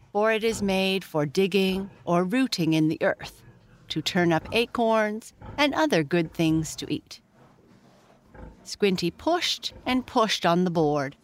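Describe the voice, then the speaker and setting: A woman reading a children's story aloud in a gentle, expressive storytelling manner. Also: lowish voice. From Prince Edward Island, Canada.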